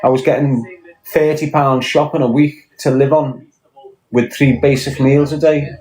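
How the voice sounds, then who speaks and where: A man's voice: mid-range voice, steady tone, normal speed, a little mellow, faint music behind, rough recording. Blunt, sweary Scouse man. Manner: blunt, sweary, rhetorical questions. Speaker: podcast guest. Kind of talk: blunt casual chat.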